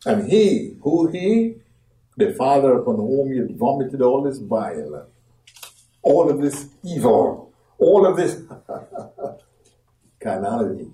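Slow dramatic preacher man in echoey hall. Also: medium pitch, very animated. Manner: dramatic, acts out quoted voices, swings from hushed to loud. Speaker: pastor. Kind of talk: sermon. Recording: echoey room from far off.

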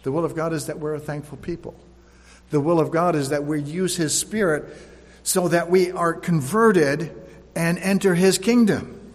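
A man preaching a sermon, reading verses aloud and then explaining them in plain conversational asides. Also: fairly high pitch. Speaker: pastor. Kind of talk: sermon, scripture reading with commentary. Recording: echoey hall with long reverb.

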